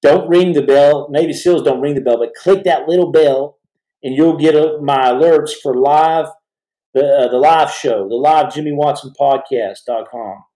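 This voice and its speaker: A man's voice: fairly high pitch, normal speed, warm tone. A middle-aged man hosting a live podcast, talking fervently to viewers in a rambling way with many restarts. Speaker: podcast host. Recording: roomy echo.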